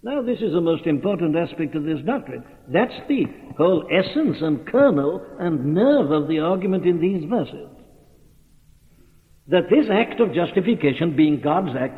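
A man preaching a sermon, earnest and emphatic, rising on key phrases. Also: fairly high pitch. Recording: tinny, lo-fi archival recording in a reverberant hall.

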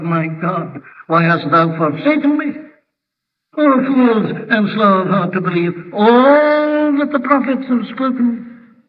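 A man preaching a sermon, with emphatic rhetorical questions that build up. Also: on the high side. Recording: distant phone-like hall recording.

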